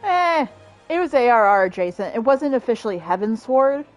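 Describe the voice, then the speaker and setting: A woman's voice: fairly high pitch, big pitch swings, normal speed, faint music behind. A young woman streaming a game, chatting casually, joking and swearing freely. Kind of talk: casual gameplay chat.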